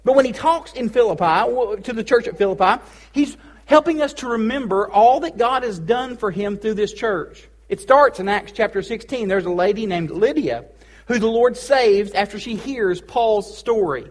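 A man's voice: high voice, lively intonation, normal speed. A man preaching a sermon as pastor, casual and joking, with pop-culture asides.

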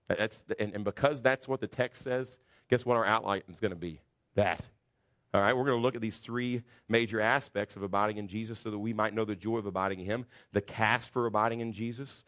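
A man's voice: lowish voice, fairly bright tone. A man preaching an expository sermon, earnest, with frequent restarts as he walks through the verses. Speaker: pastor.

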